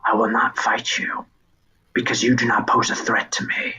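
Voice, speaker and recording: A man voicing a weary tentacled ogre herald of the dark in a whispered role-play, slow and dismissive. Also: medium pitch, completely flat delivery, breathy edge, heavily acted, rough recording. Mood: calm.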